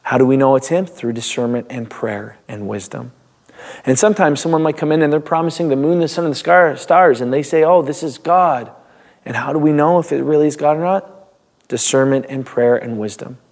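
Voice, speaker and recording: A male pastor reading a Bible passage, then giving a relaxed, conversational devotional with occasional restarts. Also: on the high side, a little fast. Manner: reads scripture, then talks loosely with restarts and small laughs.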